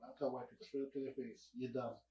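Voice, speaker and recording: A man's voice: mid-range voice, level tone, fast, warm tone. A man co-hosting a casual podcast, speaking bluntly with frequent cursing. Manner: blunt, profane, outspoken. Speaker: podcast co-host. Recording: echoey room, dull lo-fi mic.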